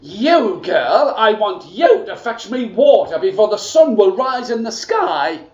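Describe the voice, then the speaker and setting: A man's voice: sits high, big pitch swings, a little slow, a little mellow. Man doing a scratchy wicked stepmother, demanding and sneering, echoey room heard from a distance. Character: wicked scheming stepmother, grown woman.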